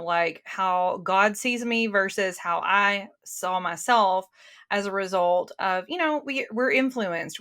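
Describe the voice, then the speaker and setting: Over a remote call, a woman guest in an interview speaks earnestly and casually from the heart, with lots of fillers and restarts. Her voice is medium-pitched with a fairly bright tone.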